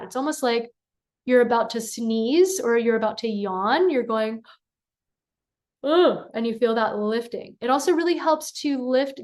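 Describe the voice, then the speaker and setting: Calm and encouraging, this female vocal coach teaches a singing lesson and slips into sung syllables as demonstrations. Her pitch sits on the high side.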